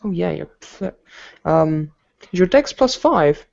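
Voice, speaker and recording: A man running a tabletop game as game master, relaxed and hesitant with many fillers. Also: high voice, slow pace, creaky. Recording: dull lo-fi home recording.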